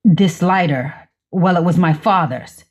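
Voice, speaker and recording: A woman voicing a smooth-talking, patronizing man who keeps placating his lover. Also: fairly low pitch, measured pace, dull audio, voice pushed down.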